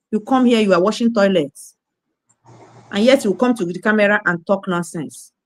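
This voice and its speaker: A woman's voice: a little high, no room sound. A woman ranting in a scolding, preachy monologue, repeating her phrases. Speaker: online commentator.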